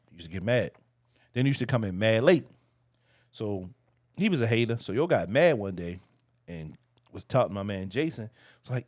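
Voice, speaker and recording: A man co-hosting a podcast, chatting casually and telling stories in an animated way. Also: fairly low pitch, fast talker, pauses often. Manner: animated storytelling, laughs often. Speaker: podcast co-host. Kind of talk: casual chat.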